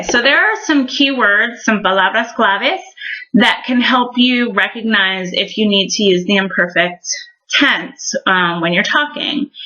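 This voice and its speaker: A woman's voice: mid-range voice, pushed and bright, lo-fi sound. A woman explaining verb endings in a recorded language lesson, friendly and patient, with frequent ums. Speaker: Spanish teacher.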